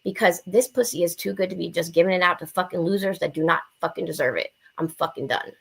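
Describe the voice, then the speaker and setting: Blunt, profane woman with a gravelly voice. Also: on the low side, quick pace. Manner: blunt, profane, animated storytelling. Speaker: podcast guest. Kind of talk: casual podcast chat.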